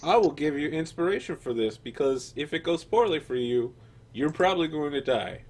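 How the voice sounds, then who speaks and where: A man narrating as game master in a relaxed, jokey way with many fillers. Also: fairly high pitch, normal speed.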